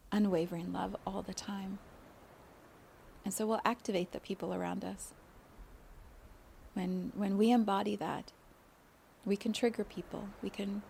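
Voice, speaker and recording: A woman hosting a spiritual podcast, talking in a gentle, flowing way and laughing often. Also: medium pitch, creaky. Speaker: podcast host, spiritual guide.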